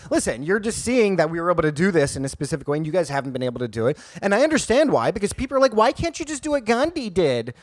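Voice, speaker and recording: A man's voice: on the high side, big pitch swings, rapid-fire, hardly any pauses, no room sound. A man co-hosting a comedy podcast, riffing in casual chat with a profane, opinionated manner.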